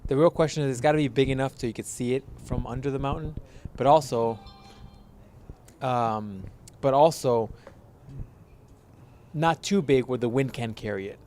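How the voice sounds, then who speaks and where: A man's voice: mid-range voice, normal speed, pauses often, a little mellow. Blunt, profane young man chatting. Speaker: podcast co-host. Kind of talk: casual podcast banter. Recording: faint background noise.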